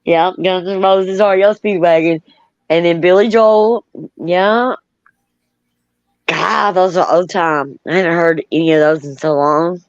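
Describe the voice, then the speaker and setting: A woman's voice: fairly low pitch, steady tone, a little slow, no room sound. A middle-aged woman hosting a casual chat, reminiscing in a rambling way, laughing often, and reading out viewer comments. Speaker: host. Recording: dull, lo-fi.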